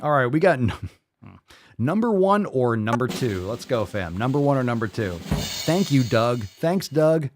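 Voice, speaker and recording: A man hosting a livestream podcast, talking in a crude, loud and mocking way. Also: medium pitch, big pitch swings, measured pace, faint music behind. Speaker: podcast host.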